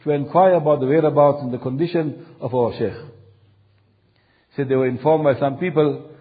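A man's voice: mid-range voice, steady tone, moderate pace, narrow, tinny audio. A male preacher telling a long religious story in a sermon, solemn, repeating phrases for emphasis.

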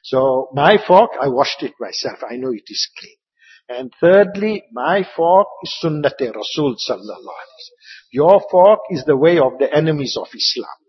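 A man giving an Islamic religious talk with stories, rambling and repeating words, sometimes dropping into soft asides. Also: fairly high pitch, animated, moderate pace, slightly rough. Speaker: Islamic preacher. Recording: muffled, echoey hall.

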